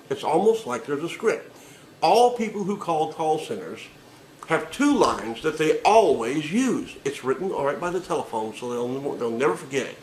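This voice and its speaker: A man's voice: on the high side, very animated, normal speed, darkish tone, roomy sound, a little hiss or hum, poor audio. A man delivering a sarcastic, profane comedic rant with emphatic delivery.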